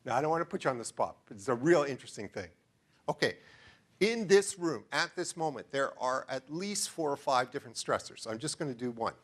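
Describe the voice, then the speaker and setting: A man's voice: medium pitch, animated, brisk, a bit bright. A middle-aged man giving an enthusiastic, digressive lecture in a room full of listeners, often stopping to ask them questions. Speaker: researcher giving a talk. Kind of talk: lecture to a live audience.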